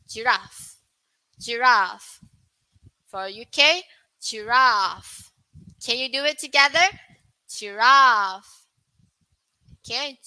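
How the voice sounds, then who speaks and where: A young woman teaching an online English pronunciation lesson, asking viewers questions and repeating words slowly. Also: on the high side, pushed and bright, no echo, low-quality recording. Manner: slow, repetitive, questions to viewers.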